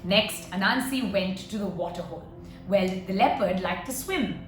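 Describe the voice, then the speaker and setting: A woman telling a story to children, animated and encouraging, asking them to act along. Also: mid-range voice, moderate pace, reverberant, far from the mic, faint music behind. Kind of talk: interactive children's story-time.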